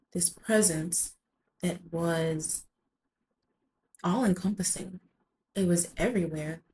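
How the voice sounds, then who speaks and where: A woman's voice: lowish voice, a little hiss or hum, poor audio. A woman vlogger telling a personal story in a rambling way, full of "like" and casual swearing.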